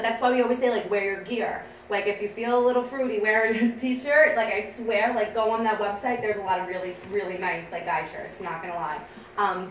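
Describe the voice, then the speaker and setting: Chatty upbeat woman in an echoey room. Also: mid-range voice. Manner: chatty and upbeat, laughs often, acts out store chats. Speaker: team trainer. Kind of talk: casual training talk to a small group. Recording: echoey room from a distance, faint background noise.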